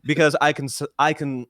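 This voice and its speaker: A man's voice: on the high side, no room sound. Dry-sounding male voice actor, casually swearing. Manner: relaxed, animated storyteller who swears casually. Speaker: voice actor guest. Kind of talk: casual chat.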